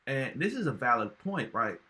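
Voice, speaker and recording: A man with a bright, forceful voice delivers casual reaction-video commentary. He talks emphatically and leans on slang, often repeating himself for effect. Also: mid-range voice, very animated, moderate pace.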